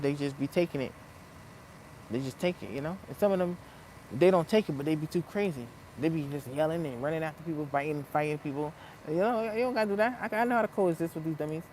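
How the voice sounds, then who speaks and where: A woman vlogging in a casual rant, blunt and profane, swinging between low muttering and loud heated outbursts. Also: animated, brisk, slight background noise, low-quality recording. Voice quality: blunt, heavily profane street talk. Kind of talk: casual unscripted vlog rant.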